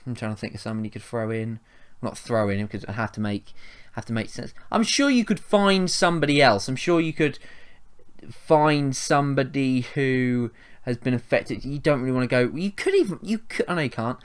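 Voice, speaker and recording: Bright-voiced rambling English man. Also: medium pitch, smooth. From England. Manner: rambling, chatty, swears casually, self-correcting. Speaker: wrestling show reviewer. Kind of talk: casual video review.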